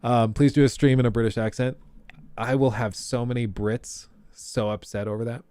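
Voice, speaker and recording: An American man streams as host, chatting conversationally and often restarting sentences, filling gaps with "um." His medium-pitched voice is steady, clear, resonant and a little mellow, at a moderate pace. The sound is close and dry, with no room sound.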